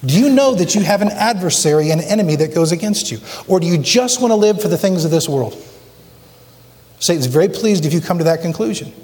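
A man's voice: sits high, expressive, a little fast, darkish tone. A male pastor preaching emphatically in a church, asking the congregation rhetorical questions. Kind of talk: sermon. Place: church sanctuary. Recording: long church reverb.

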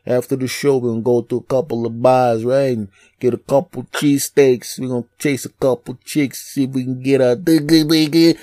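A loud, pushy South Philly guy talks up a night out, as a man puts him on. The thick local accent rides over a plain, middle-height voice. He sounds slightly off-mic, as if leaning back from it. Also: mid-range voice, fairly even intonation, brisk, hardly any pauses, lightly acted. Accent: South Philadelphia.

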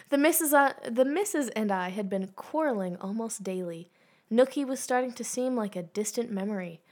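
A woman's voice: fairly high pitch, animated, normal speed, a little mellow. A young woman co-hosting a podcast, reading a silly review aloud with dry asides and giggles. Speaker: podcast co-host.

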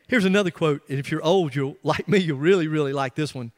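A middle-aged male pastor with a high voice tells his story in an emphatic, lively way, often stopping to restart a phrase. His sermon rings out with the long reverb of a large church hall. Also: fast talker. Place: church sanctuary.

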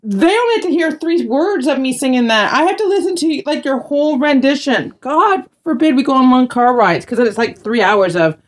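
A woman's voice: high voice, expressive, fairly quick, few pauses. A woman hosting a podcast, chatting and teasing her husband, often laughing. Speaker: podcast host. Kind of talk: casual podcast chat.

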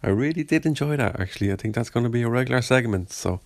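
A man's voice: mid-range voice, animated, fast, no room sound. A man hosting a podcast, chatting casually and rambling in a self-deprecating way. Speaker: podcast host. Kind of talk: casual chat.

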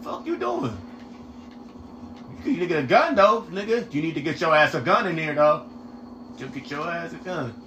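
Man, live game stream commentary, profane trash talk, high bright voice, echoey room. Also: a little fast, slight background noise. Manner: profane, trash-talking teammates; excitable, bursts into shouting.

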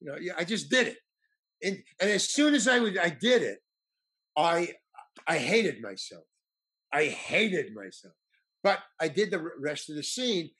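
A man's voice: on the high side, big pitch swings, measured pace, pauses often, bright, forceful tone, slightly rough. A male actor telling a rambling story as an interview guest, restarting and stammering often. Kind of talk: casual anecdote telling.

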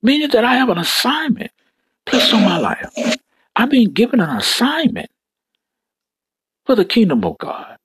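Husky male preacher, real lively swings in pitch, repeats himself, shouts out praise. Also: measured pace, long pauses, dry recording. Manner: fervent, exclamatory, repeats phrases, bursts into tongues. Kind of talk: sermon.

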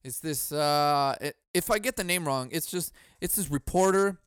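A man from Southern California hosting a casual solo podcast into a boom mic at home, swearing a lot, laughing often and bursting into loud mock yelling. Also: moderate pace, smooth, dry recording, studio quality. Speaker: podcast host.

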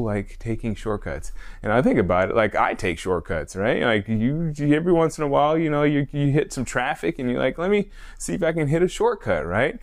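A man hosting a casual solo fitness podcast, a personal trainer who rambles, corrects himself and laughs often. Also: medium pitch. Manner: rambling, self-correcting, frequent laughs and fillers.

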